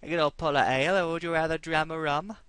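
A man's voice: fairly high pitch, quick pace, fairly bright tone, clear, resonant tone, no echo, pitched above the performer's own voice, natural voice. A man voicing a tough, flirty tavern barmaid in a video game, with a Cockney accent.

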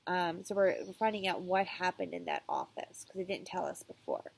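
Woman teacher, story read-aloud for kids, chatty and self-correcting, gravelly texture. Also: on the low side, huge pitch swings, normal speed, poor audio. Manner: casual asides with fillers and self-corrections. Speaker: teacher reading aloud to students. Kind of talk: reading a children's chapter book aloud.

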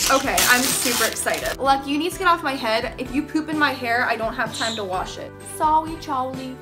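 A young woman vlogging, gushing and gasping with excitement as she talks to her viewers. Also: high voice. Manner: gushing, gasping, easily thrilled. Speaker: beauty vlogger. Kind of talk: excited casual vlog talk.

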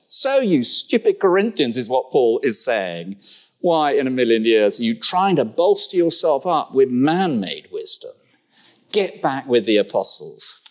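Animated preacher, wry humor. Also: male voice, fairly high pitch. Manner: animated and humorous, with rhetorical questions. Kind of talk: sermon. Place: church.

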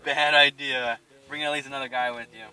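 A young man casually telling a spooky story, animated and profane, laughing often. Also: medium pitch, fairly quick, clean tone. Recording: distant mic.

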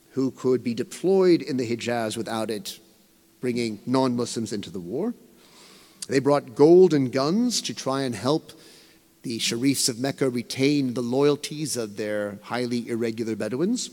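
A man giving a history lecture as a professor, telling it in a measured, emphatic way with rising stresses. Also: medium pitch, darkish tone. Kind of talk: academic lecture. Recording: long hall reverb.

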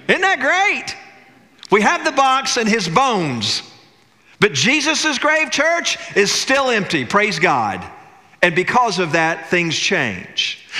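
A man's voice: on the high side, bright, forceful tone, big-room sound. A male senior minister preaching a sermon, telling a scripture story, acting out its quotes and calling for amens. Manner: storytelling preacher, acts out quotes, calls for "amen". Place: church sanctuary.

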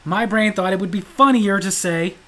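A man's voice: sits high, moderate pace, rough recording. Joking man telling comic stories. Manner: joking, animated, laughs often. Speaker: host. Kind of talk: comedic storytelling.

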